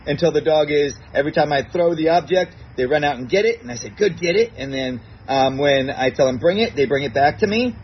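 A man who trains dogs, calmly explaining a routine step by step and acting out his commands in a bright, praising tone. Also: on the high side, highs cut off, a little hiss or hum. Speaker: dog trainer. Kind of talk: recorded instructional segment.

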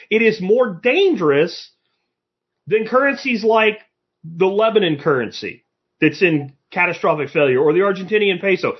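Blunt, animated man ranting on a stream. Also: high-pitched, breathy edge, muffled recording. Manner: blunt, profane and animated, ranting at chat commenters. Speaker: podcast host. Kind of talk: live-stream commentary reading chat.

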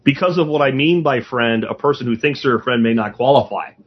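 A man's voice: medium pitch, a little fast, breathy edge, muffled recording. A man talking in a blunt, rambling, profane way in a casual podcast chat.

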